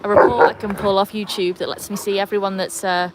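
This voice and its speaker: A woman's voice: medium pitch, level tone, quick pace, a loud crowd. A woman hosting a casual live stream for her dog channel, rambling along with lots of fillers. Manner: chatty and rambling, with many fillers. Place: outdoors beside a pool.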